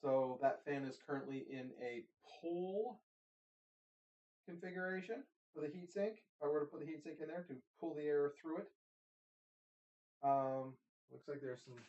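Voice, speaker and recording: A man films a tech vlog in a room at home, rambling casually, talking to his gear, and drifting off on many tangents. His voice is fairly high with a darkish tone. The handheld camera audio sounds roomy, distant, and dull.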